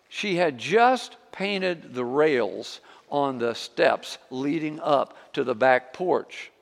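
Male pastor preaching, gravelly voice, kinda high, echo hanging in the sanctuary. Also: lively intonation, slow pace, few pauses. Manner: impassioned, swings from hushed prayer to loud exhortation. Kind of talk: sermon. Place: church sanctuary.

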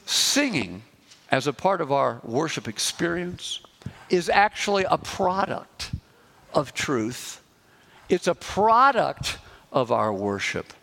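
A man preaching a sermon as pastor, slowing down and pressing hard on key phrases. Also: fairly high pitch, sing-song, creaky, a bit bright. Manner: emphatic, slows and rises on key phrases.

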